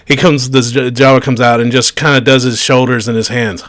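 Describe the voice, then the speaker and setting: A man's voice: mid-range voice, fairly even intonation, a little fast, fairly bright tone. A man narrating a tabletop game as game master, chuckling and amused, over a video call.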